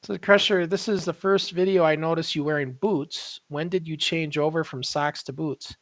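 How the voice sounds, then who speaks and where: A man's voice: fairly high pitch, normal speed, no echo. A man who once wrestled, hosting a casual chat and reminiscing about old shows. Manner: reminiscing, relaxed. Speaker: host, former wrestler.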